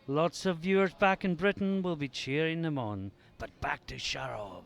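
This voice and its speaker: A man giving calm, measured live commentary on a powerlifting competition. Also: a little high, vocal fry.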